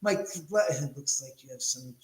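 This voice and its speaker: A man's voice: medium pitch, animated, measured pace, a little mellow. A man hosting a casual livestream from a house. He talks in a rambling, jokey way and gets distracted easily. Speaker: livestream host. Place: room in a house. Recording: echoey room.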